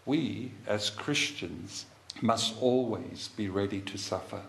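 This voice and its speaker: A man preaching a sermon in a measured way, building his points through repeated phrases. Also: on the low side, creaky, a bit bright, reverberant, a little hiss or hum. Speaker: pastor.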